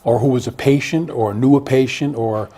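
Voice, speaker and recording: A man talks through his novel in an interview with an earnest, searching manner, circling back and repeating words as he finds his thought. His voice sits warm and mellow with a husky edge. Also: medium pitch, moderate pace. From Connecticut. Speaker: author guest. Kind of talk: interview conversation.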